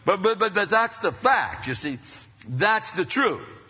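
A man preaching a sermon as pastor, animated, going from loud emphasis to soft asides. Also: sits high, unhurried, husky. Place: church hall. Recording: dull sound, long hall reverb.

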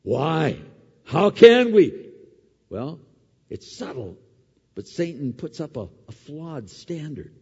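A male pastor preaching a conversational sermon, swinging from emphatic peaks to soft, quiet asides. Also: on the high side, animated, takes it slowly, breathy edge. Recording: dull lo-fi sound with long hall reverb.

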